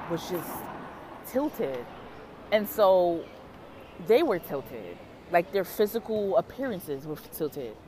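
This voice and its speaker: Woman tarot reader, casual vlog, lively swooping pitch, cursing a lot. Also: noisy background. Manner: animated, profane, dramatic.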